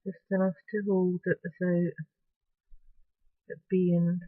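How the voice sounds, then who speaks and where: A woman's voice: lowish voice, monotone, takes it slowly. A Scottish woman chats her way through a crafting tutorial at her home table, explaining each small step and apologising in asides. The sound is dull and muffled at the top. The room adds no echo at all. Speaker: crafting vlogger. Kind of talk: casual craft tutorial narration. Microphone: camera close-up. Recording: dull, dry home recording.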